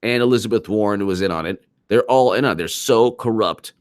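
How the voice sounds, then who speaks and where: Deep-voiced man hosting a political live stream. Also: fairly quick, no room sound, clean studio sound. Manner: emphatic, repeats himself, reads super chats aloud.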